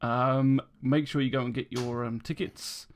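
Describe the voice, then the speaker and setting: A man's voice: medium pitch, steady tone, measured pace. A British man hosting a casual podcast, making announcements in a laid-back way with plenty of ums and chuckles. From Britain. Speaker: podcast host.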